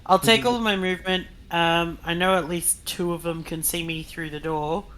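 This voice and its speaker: A man playing a tabletop game, describing his turn in a measured way. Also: fairly high pitch, fairly even intonation, bright, forceful tone, rough recording. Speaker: player. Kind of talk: casual tabletop play.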